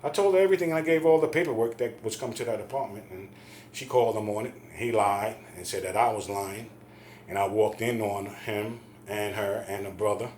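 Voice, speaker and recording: A man's voice: lowish voice, fairly even intonation, normal speed, darkish tone, a little hiss or hum. A middle-aged man heatedly retelling a family fight in a casual, profane rant. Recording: echoey room.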